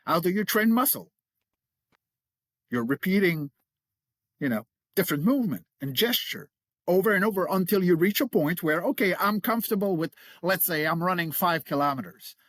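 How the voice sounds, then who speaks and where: A middle-aged man speaks as an interview guest, explaining technique with easy enthusiasm and a ready laugh. His voice sits a bit high and swings widely in pitch. The sound is dry and close, with no room echo. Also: fairly bright tone. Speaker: guest, creature voice coach.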